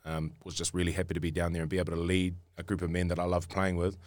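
Speaking fast in a deep, monotone voice, a young Kiwi rugby player tells a story during an interview. It's a rambling account full of repeated and restarted words, recorded without echo.

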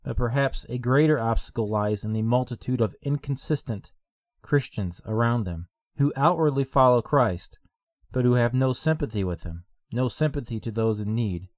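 A man's voice: medium pitch, normal speed, a little mellow, no room sound, studio quality. A man preaching a sermon in a repetitive, rhythmic cadence, asking listeners direct questions.

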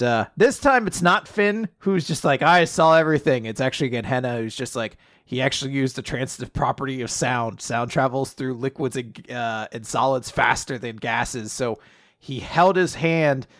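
A man recaps a comic chapter in a relaxed podcast chat. He tells it with animated energy and slips into quick character voices. The sound is dry and close to the mic. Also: mid-range voice, no echo. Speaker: podcast co-host. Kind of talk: casual manga recap chat.

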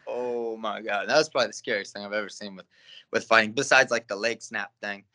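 Young man, guest fighter, bright tone, casual storytelling, swears a lot. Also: fairly low pitch, steady tone, fairly quick. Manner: laid-back, swears freely, lots of fillers.

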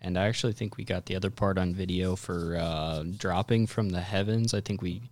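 A young man with a fairly low voice, chatting easily as a podcast co-host. His talk is loose and full of fillers. The sound is dry and close. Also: fairly even intonation, fairly quick, a little mellow, no room sound. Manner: laid-back with frequent fillers and laughs. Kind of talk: casual storytelling chat.

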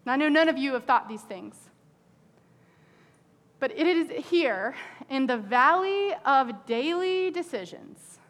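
A woman pastor preaching an animated sermon to her congregation, acting out people's prayers in an exasperated voice. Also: sits high, unhurried, pauses often. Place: church sanctuary with a congregation. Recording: reverberant church hall.

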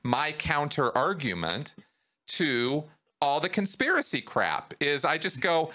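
A man hosting a podcast, talking casually and getting animated, his voice climbing when he's worked up. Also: fairly high pitch, slow pace. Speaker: podcast host. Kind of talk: casual conversation.

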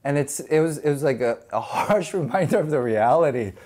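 A middle-aged man chats as an interview guest, his pitch leaping up and down with lively energy. He acts out the people in his stories and laughs a lot as he talks. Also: fairly quick. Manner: animated, acts out voices, laughs often. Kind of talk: casual storytelling interview.

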